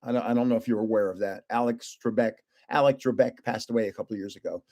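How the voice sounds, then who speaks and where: Fast and fairly even, with a lowish, dark voice, the older host of a trading card stream rambles through stories. He chuckles a lot between sentences and keeps correcting himself in this casual livestream chat.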